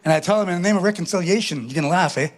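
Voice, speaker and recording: A man doing stand-up storytelling at a live venue, animated, ending lines with a questioning "eh". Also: high-pitched, very fast, slight background noise. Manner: animated, tag questions with "eh", acts out laughs. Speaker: comedian.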